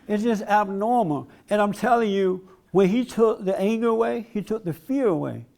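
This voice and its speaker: A man's voice: high-pitched, moderate pace, vocal fry, darkish tone. A man giving a blunt, emphatic preaching-style talk at a conference, laughing along with his audience. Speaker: conference speaker.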